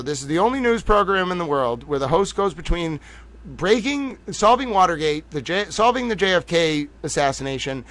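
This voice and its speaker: A man's voice: fairly high pitch, fairly bright tone. A man hosting a live-streamed news show in a casual, playful, self-mocking way, giggling and talking to his chat. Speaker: livestream news host.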